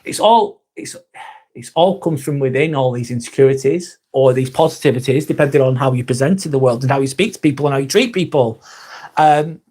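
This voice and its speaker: A man's voice: mid-range voice, brisk, a little mellow, slightly rough. A man hosting a casual live stream, reading viewer comments aloud, calling people mate and standing firm with trolls.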